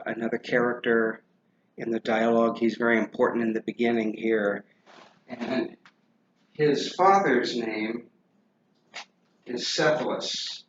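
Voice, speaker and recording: A man giving a classroom lecture, halting with many ums and uhs and spelling names out loud. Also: medium pitch. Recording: roomy, dull lo-fi with faint noise.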